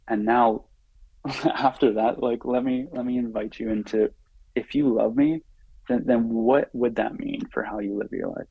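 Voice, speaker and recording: A man, a podcast guest, telling a story in an earnest, halting way with frequent fillers and restarts. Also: mid-range voice, fairly even intonation, gravelly, warm tone, husky, no room sound, poor audio. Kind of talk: reflective conversational storytelling.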